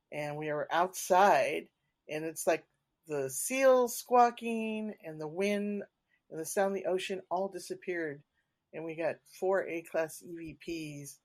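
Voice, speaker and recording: A woman guest on a podcast, a paranormal investigator talking in a chatty, animated way and laughing between points. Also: deep voice. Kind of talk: casual conversational storytelling.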